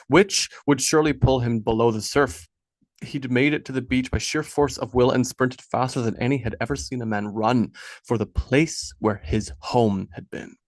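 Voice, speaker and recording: A man narrating an audiobook in a measured, solemn way. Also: medium pitch, no echo. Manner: measured, solemn, dropping soft on sad lines. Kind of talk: scripted narration.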